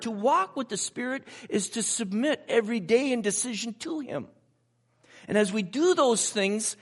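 A man's voice: extremely high pitch, a bit bright. A man preaching a sermon in a conversational way, with personal asides and rhetorical questions put to his listeners. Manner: asks the audience rhetorical questions.

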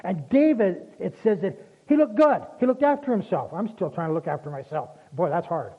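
Male preacher, high voice, conversational folksy sermon, tinny phone-quality recording. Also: animated, fairly quick, slightly rough. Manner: folksy, conversational storytelling with asides.

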